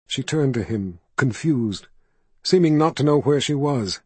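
Male audiobook narrator, measured storytelling, husky, dry close sound. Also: medium pitch, expressive, darkish tone, dry recording.

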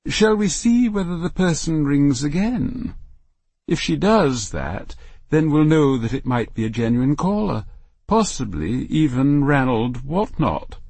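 A man voicing a bossy, pretentious mother who talks down to people with slow, prim drawn-out words. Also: fairly high pitch, sing-song, darkish tone, husky, no echo, pitched above the performer's own voice, exaggerated voice. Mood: patronising. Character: bossy pretentious mother, middle-aged woman.

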